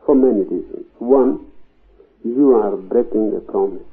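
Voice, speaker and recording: Man giving a slow spiritual talk, pauses a lot, punches key words, sounds like an old tinny tape. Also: fairly low pitch. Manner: slow and deliberate, long pauses, emphatic rises on key words. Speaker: spiritual teacher.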